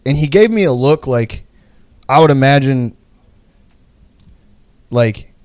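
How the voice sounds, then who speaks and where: Speaking slowly and expressively, this young male podcast co-host tells a long, meandering story full of "like" fillers and swearing, laughing often along the way. He has a medium-pitched, darkish voice with no echo.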